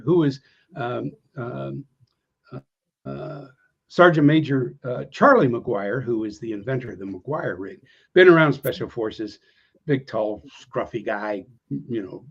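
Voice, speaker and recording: In dull lo-fi audio, an older American veteran sits for an interview and tells rambling war stories in a slightly rough voice, stumbling through fillers and restarts. He acts out quoted dialogue, raising both his volume and his pitch.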